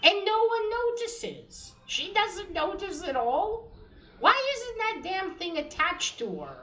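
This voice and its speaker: A woman with an Israeli accent giving a casual, animated spoken review, ranting and swearing in exasperation. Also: very high voice, slow, far from the mic. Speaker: comic reviewer. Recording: roomy echo, off-mic.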